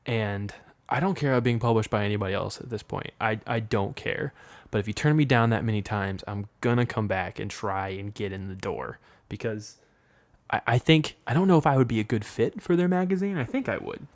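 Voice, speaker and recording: Young man rambling frankly, low and dry. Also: brisk, no room sound. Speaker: podcast host. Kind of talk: solo podcast rambling and improvised poetry. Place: room with a window open.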